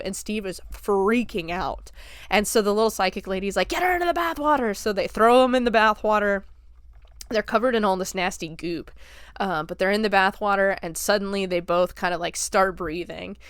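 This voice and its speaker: A woman hosting a podcast, retelling a film's plot in an animated, casual way, slipping into quick character voices and swearing freely. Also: mid-range voice, clear, resonant tone, no echo, studio quality. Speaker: podcast host. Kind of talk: casual film recap.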